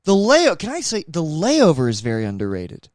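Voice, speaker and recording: A young man co-hosting a podcast, talking in a loud, excitable, joking way with quick riffs. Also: a little high, no room sound, clean studio sound. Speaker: podcast co-host. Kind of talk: casual comedic chat.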